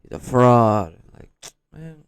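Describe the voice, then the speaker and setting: A man's voice: mid-range voice, expressive, takes it slowly, clear, resonant tone, no echo. A man hosting a reaction video, commenting casually in street slang. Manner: casual, street slang, asks questions aloud.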